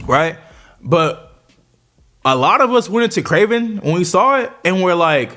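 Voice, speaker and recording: A man's voice: sits high, expressive, a little slow, long pauses, bright, forceful tone, faint music behind. A man giving a casual movie review vlog, talking in slang and repeating fillers as he rants.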